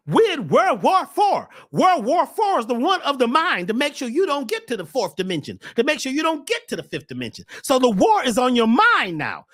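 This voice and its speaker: A man hosting a spiritual talk show, preaching with fire, shouting at times and then dropping to a hush. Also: very high voice. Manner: preachy, swings from shouting to hushed. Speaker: host.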